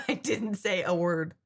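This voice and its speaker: An American woman with a lowish voice chats casually while reacting to a video. She is playful and rambles through her stories. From United States. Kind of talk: casual chat.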